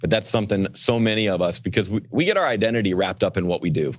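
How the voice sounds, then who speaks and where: A middle-aged man talks as a pastor guest in a low, earnest voice, falling into a preachy flow. He keeps restarting his phrases and briefly acts out the people he quotes. The sound is dry and close. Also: expressive, fast talker, dry recording. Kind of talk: podcast interview.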